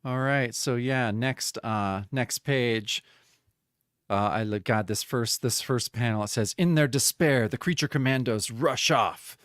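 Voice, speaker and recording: A man co-hosting a podcast, talking casually about a comic book, swearing freely and getting animated as he reads out the panels. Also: mid-range voice, measured pace, no room sound, studio quality. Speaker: podcast co-host.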